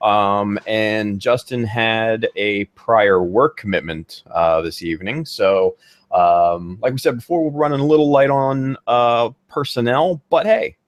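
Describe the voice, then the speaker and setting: Casting: low-voiced male co-host, rambling jokey livestream patter, dry close sound. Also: measured pace, dry recording. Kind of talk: casual livestream chat.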